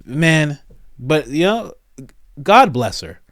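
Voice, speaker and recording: A man doing comedic reaction commentary, animated and mock-incredulous, often breaking into laughter. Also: on the high side, takes it slowly, no echo, clean studio sound. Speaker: commentary host.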